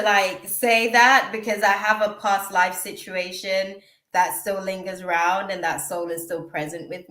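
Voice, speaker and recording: Slow, low-voiced tarot reader in echoey room. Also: female voice. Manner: chatty, emotional, reads out chat names and drifts off topic. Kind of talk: live-stream tarot reading.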